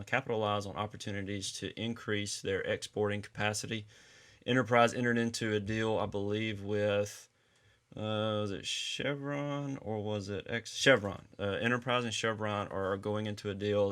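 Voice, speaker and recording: A man's voice: lowish voice, a bit bright, clean tone. A man with a Southern US accent, co-hosting a podcast, laid-back and plainspoken as he runs through news. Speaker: podcast co-host. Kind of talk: casual chat and news roundup.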